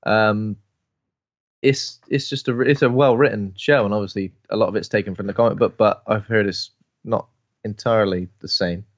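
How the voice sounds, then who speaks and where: A man co-hosting a podcast, chatting casually about shows and films, quick and full of restarts. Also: fairly low pitch, steady tone, lo-fi sound. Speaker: podcast co-host.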